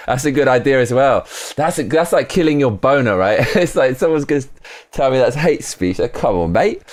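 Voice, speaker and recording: A man streaming live while producing a track, casual and excitable, reading chat aloud and swearing. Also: medium pitch. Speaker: streamer making music live.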